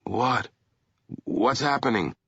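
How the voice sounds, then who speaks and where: A man's voice: medium pitch, slow, creaky, fairly bright tone, slightly rough, no echo, voice pushed up, heavily acted. A man voicing a weak, half-frozen young man who speaks in a strained, subdued way in an audiobook. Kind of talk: audiobook character voice. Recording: dull lo-fi dry recording.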